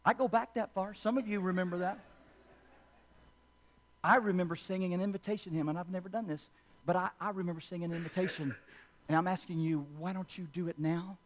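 Pastor, high tenor, rapid questions, call-and-response preaching. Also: male voice, fairly even intonation. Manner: impassioned preaching, rapid-fire repeated questions. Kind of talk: sermon with congregational call-and-response. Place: church sanctuary.

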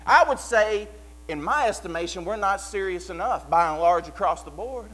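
A pastor preaching a sermon, swinging between fervent loud passages and hushed earnest ones. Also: male voice, high-pitched, lively intonation, normal speed, rough recording.

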